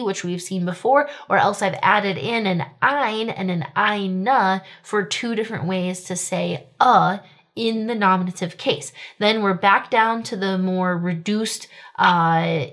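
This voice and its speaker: A woman teaching a German grammar lesson in casual speech. She explains each step, keeps asking "right?", and says the German sample sentences slowly. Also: medium pitch, fairly bright tone.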